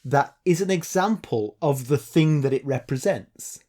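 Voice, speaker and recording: A man's voice: a little high, a little slow. A man co-hosting a podcast, chatting casually and playfully explaining odd words before summarizing a chapter. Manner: animated storyteller, playful and professorial. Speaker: podcast co-host.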